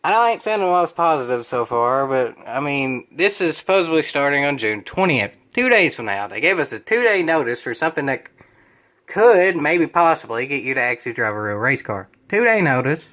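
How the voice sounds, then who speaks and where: A man's voice: a little high, very animated, a little fast, pushed and bright. A young man reading a web page aloud and commenting on it in a sarcastic, exasperated, rambling way. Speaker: gaming video creator.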